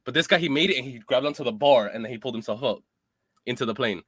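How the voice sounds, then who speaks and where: Podcast co-host, male, quick and bright, eager explainer, dry close mic. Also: medium pitch, no echo. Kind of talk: casual chat.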